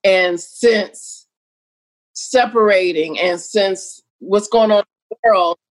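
A middle-aged woman talking casually as an interview guest, animated and quick to act out what others said. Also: mid-range voice. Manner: animated, jumps between quoted voices and laughs.

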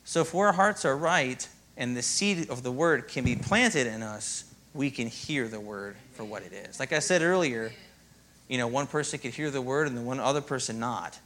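A man preaching a sermon as pastor, in a lively, conversational way and often asking "Amen?". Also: medium pitch, normal speed, slight background noise.

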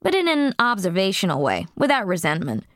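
A woman's voice: mid-range voice, wildly swooping pitch, a little fast, dry recording, clean studio sound. A woman narrating an audiobook in a blunt, profane first-person voice.

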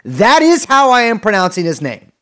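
A man's voice: high-pitched, moderate pace. A man co-hosting a podcast, bantering wryly and profanely in casual political talk. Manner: wry, profane, lively banter with restarts. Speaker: podcast co-host.

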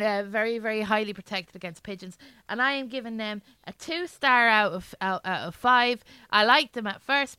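A woman with a bright, smooth voice tells a rambling comic story and pokes fun at herself. The sound is close and dry, with no room around it. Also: on the high side, dry recording. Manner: rambling, self-mocking, laughs often. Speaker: guest reviewer. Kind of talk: comic podcast chat.

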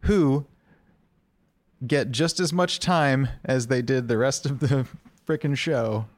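A man co-hosting a casual recap podcast, sardonic, with quick asides. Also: medium pitch, no room sound. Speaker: podcast co-host.

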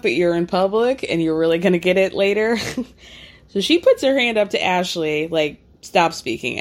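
Woman for a chatty recap, lively, voices each quote, salty language. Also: fairly low pitch. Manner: animated, acts out quotes, swears freely. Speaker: reality TV recapper. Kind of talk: casual storytelling recap.

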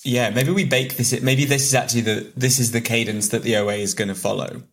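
A man's voice: medium pitch, steady tone. Wry podcast co-host man. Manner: wry, quick to laugh. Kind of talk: casual podcast chat.

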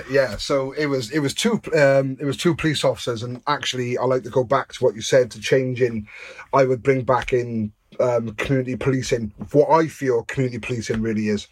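A man's voice: mid-range voice, steady tone, fairly quick, dry recording. A young man from Wales, a guest in an interview who tells his story candidly and earnestly, with frequent fillers.

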